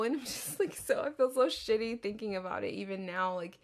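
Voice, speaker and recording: This thirty-something podcast host rambles openly, cursing freely and laughing a lot. Her mid-range voice is expressive and fairly quick.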